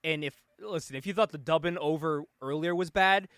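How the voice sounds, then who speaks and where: A man's voice: a little high, brisk, a crowd in the background. A man co-hosting a casual comic book review podcast, laughing often and swearing casually. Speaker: podcast co-host.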